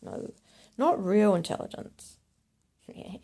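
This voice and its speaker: A woman delivering a rambling monologue to camera, often dropping to a hushed whisper. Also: mid-range voice, sing-song, slow, breathy edge. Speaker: video blogger.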